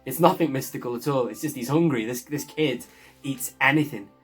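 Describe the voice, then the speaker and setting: A man gives a loose, excited recap of a show episode, chuckling as he goes. His voice sits at an ordinary middle pitch. Soft guitar music plays faintly underneath. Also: brisk, slightly rough. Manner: enthusiastic, chuckles often while recounting. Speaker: show reviewer.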